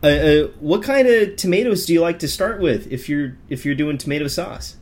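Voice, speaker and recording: A man's voice: fairly high pitch, expressive, moderate pace. A man hosting a podcast in casual chat, laughing easily and asking the guest eager questions. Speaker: podcast host.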